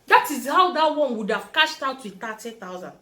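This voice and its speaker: A woman's voice: high voice, normal speed. A young Nigerian woman with a Nigerian accent, telling a personal story in a vlog and acting out the people she quotes. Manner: animated, acts out quoted voices. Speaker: vlogger.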